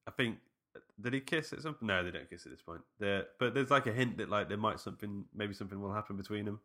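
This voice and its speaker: A man's voice: on the low side, quick pace, pushed and bright. A man co-hosting a casual film podcast, rambling with many fillers. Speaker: podcast co-host.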